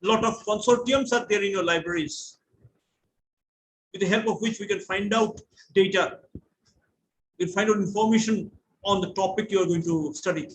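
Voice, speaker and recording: Indian English male lecturer, higher voice, patient explainer, faint background noise. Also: moderate pace, pauses often, rough recording. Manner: explanatory, spells words out letter by letter. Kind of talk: online lecture to students.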